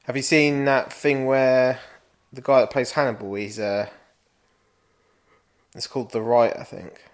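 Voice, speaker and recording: Young male co-host, mid pitch, loose and sweary, rambling banter. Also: flat delivery, unhurried. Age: young adult. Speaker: podcast co-host. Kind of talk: casual chat.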